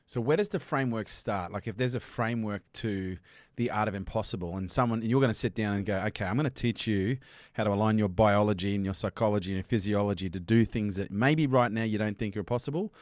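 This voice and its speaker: A male podcast host with a fairly low voice, recorded with a dry, close sound. He asks his questions casually and with enthusiasm. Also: fast, dry recording. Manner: casual and enthusiastic, says "mate". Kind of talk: podcast interview.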